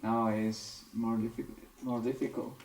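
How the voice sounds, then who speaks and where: A man speaking as a student in class, hesitant and halting, with many fillers. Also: mid-range voice, little pitch movement, darkish tone. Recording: echoey room, voice from a distance.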